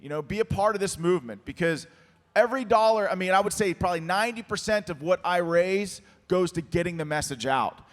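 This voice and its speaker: This man, a political candidate being interviewed live on stage, speaks a little fast as he rallies the audience in a conference hall. His emphatic campaign pitch comes through a voice that's going hoarse. The sound carries long hall reverb.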